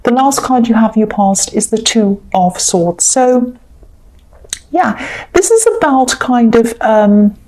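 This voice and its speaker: A woman's voice: on the high side, expressive, slow pace, mellow, rough recording. A woman giving a casual tarot reading, chatty and rambling, sometimes acting out imagined lines of dialogue. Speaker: tarot reader.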